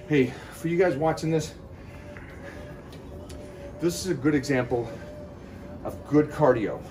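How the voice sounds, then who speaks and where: A man's voice: a little high, a little slow, long pauses, music in the background. A man talking to his viewers in a motivational vlog while doing cardio, out of breath and rallying them to push on. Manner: pep-talk, addresses viewers directly. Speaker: fitness vlogger.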